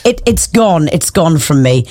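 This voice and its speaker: A woman's voice: low voice, animated, unhurried, mellow, dry recording. A woman co-hosting breakfast radio, chatty and giggly, in a studio. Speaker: radio co-host. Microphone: studio mic.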